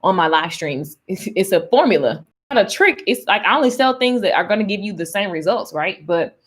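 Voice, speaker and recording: A woman's voice: medium pitch, animated, a little fast, slightly rough. A woman hosting a casual live stream from her phone, upbeat and chatty, hyping up her viewers and greeting commenters by name. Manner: chatty, with fillers and restarts. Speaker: online business coach hosting a live stream.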